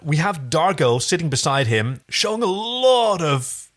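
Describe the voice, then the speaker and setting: A man's voice: a little high, big pitch swings, a little slow. A man co-hosting a podcast in a casual chat, talking eagerly and cracking jokes. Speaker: podcast co-host.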